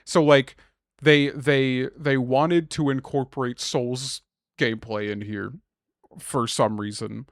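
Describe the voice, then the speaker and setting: A young man co-hosting a podcast in casual chat, ranting with lots of swearing and bursting into loud, exasperated shouts. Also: medium pitch, fairly even intonation, slow, dry recording, studio quality. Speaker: podcast co-host.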